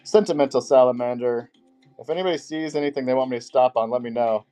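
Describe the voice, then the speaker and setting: A man's voice: mid-range voice, quick pace, mellow, faint music behind. A man hosting a live-stream auction, greeting viewers by name and rattling off card names.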